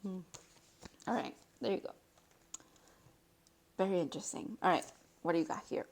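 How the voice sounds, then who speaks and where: A woman with a fairly low voice gives a casual tarot reading to her viewers. She is excitable and gushing, exclaiming often, and slows to a softer tone when she reads card text aloud. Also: gravelly. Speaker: tarot reader.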